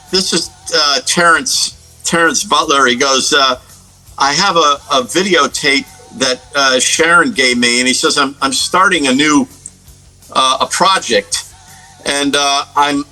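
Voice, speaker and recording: A man's voice: on the high side, bright, forceful tone, rough recording. A middle-aged man from the United States, a guest guitarist telling stories in a casual interview, rambling with many fillers and restarts.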